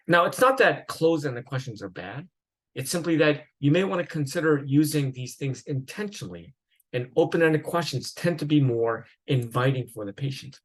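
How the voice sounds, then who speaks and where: A man's voice: medium pitch, poor audio. A man lecturing at a psychiatry conference in a conversational way, with fillers, restarts and the odd laugh.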